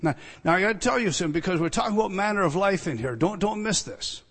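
Man, older, preacher, sermon, emphatic repetition, hushed to loud, slightly high voice, long hall reverb. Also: expressive, fast, husky. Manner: emphatic, swings from hushed to loud, repeats phrases.

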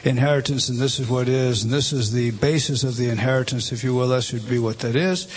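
A man's voice: medium pitch, steady tone, husky. A man teaching a Bible passage word by word, starting over often and pointing at a written page. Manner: halting, many restarts, points at a page and rises when stressing a word.

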